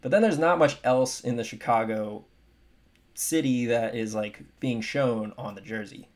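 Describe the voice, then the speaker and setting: A man's voice: mid-range voice, measured pace. Opinionated young man ranking jerseys. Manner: animated, opinionated, emphatic swings. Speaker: sports commentator. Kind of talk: casual opinion commentary.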